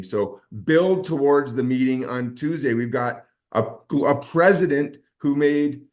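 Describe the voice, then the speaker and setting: Enthusiastic man hosting a team call. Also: medium pitch. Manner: enthusiastic, rambling storytelling.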